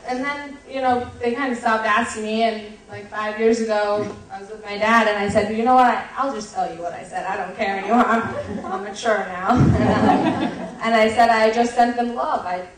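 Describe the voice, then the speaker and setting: A woman's voice: a little high, fairly even intonation, normal speed, a crowd in the background. Young adult woman, chatty storyteller, distant mic in a very echoey hall with an audience. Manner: chatty, laughing, many "like" fillers. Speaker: guest on stage. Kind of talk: casual storytelling.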